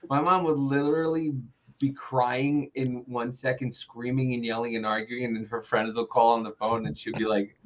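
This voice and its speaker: A man hosting a podcast in casual chat, telling animated stories and jumping into high voices when he quotes people. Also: normal speed. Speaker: podcast host. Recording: muffled lo-fi sound.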